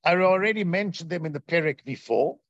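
A man with a slightly high voice, talking a little fast, teaches Torah energetically, acting out quoted lines and asking his listeners questions. The recording is dry, dull, and lo-fi.

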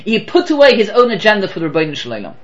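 Animated man teaching a Torah portion. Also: high voice, rapid-fire, lo-fi sound. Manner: animated, rhetorical questions, mixes Hebrew terms. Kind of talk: weekly Torah portion class.

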